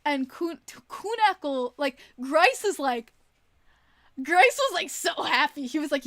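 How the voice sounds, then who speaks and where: A high-pitched young woman chats slowly and casually on her stream, laughing through her stories. Her voice sits close and dry, with no room sound. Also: animated, a bit bright, no room sound. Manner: rambling, giggly storytelling. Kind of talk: casual livestream chat.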